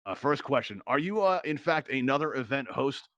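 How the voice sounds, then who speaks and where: A man's voice: medium pitch, lively intonation, brisk, fairly bright tone, dry recording, highs cut off. A man hosting a live virtual reality game show, bantering playfully and teasing his contestants.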